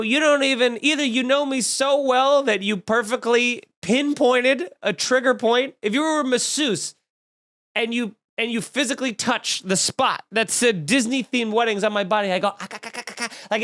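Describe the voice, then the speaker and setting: A man's voice: very high voice, normal speed, a bit bright. A man hosting a comedy podcast, riffing in a snarky, profane monologue full of mock outrage. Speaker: podcast host.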